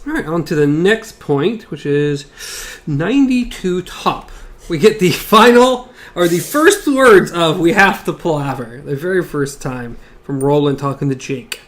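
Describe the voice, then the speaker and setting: A man co-hosting a book podcast in casual chat, relaxed, sometimes reading passages aloud. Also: fairly high pitch, a little slow. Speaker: podcast co-host.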